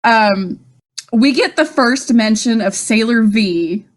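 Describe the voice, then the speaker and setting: Slow-talking laughing woman podcaster. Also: fairly high pitch, expressive. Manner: laughing, swearing, rambling recap. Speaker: podcast co-host. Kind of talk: casual rewatch chat.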